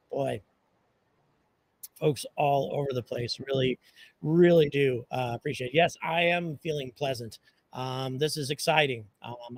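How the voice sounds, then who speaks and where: A man's voice: medium pitch, low-quality recording. A man hosting a casual live stream from outdoors, chatting loosely with many fillers and greeting viewers by where they watch from. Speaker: livestream host. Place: outdoors at a launch site.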